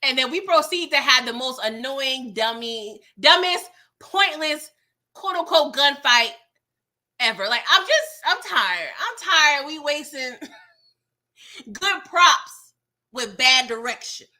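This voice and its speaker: A woman reviewing a TV episode gives a chatty, exasperated recap, laughing at scenes and greeting viewers by name. Her high voice is animated and sharp, and she speaks slowly with long pauses.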